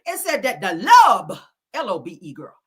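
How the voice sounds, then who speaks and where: A woman's voice: mid-range voice, sing-song, moderate pace, slightly rough. A woman hosting a gossip show in a casual comedic monologue, sassy and melodramatic, forever calling her listeners child, honey and girl. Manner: melodramatic, calling on the Lord and Jesus. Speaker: host of a celebrity gossip show.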